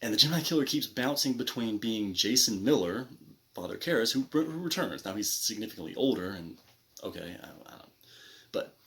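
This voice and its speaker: A man's voice: fairly low pitch, lively intonation, a little fast, pushed and bright. A man reviewing a movie in casual, rambling commentary, full of restarts and asides. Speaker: film reviewer.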